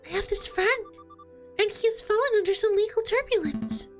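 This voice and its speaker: A woman's voice: very high-pitched, normal speed, faint music behind, pitched above the performer's own voice. A woman voicing a tiny timid male mouse messenger who stammers nervously. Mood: flustered.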